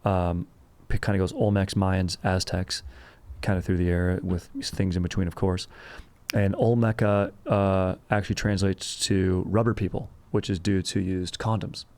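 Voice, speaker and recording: A man hosts a casual history podcast, his voice sitting a bit low. He rambles loosely with plenty of ums and crude jokes, keeping the tone relaxed and chatty. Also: normal speed. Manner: loose and jokey, with many fillers and crude asides. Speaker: podcast host.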